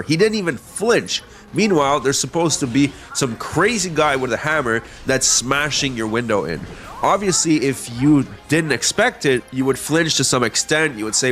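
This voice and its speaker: A man's voice: mid-range voice, a bit bright. A man hosting a reaction commentary, talking through a clip in a mocking, matter-of-fact way. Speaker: commentary host.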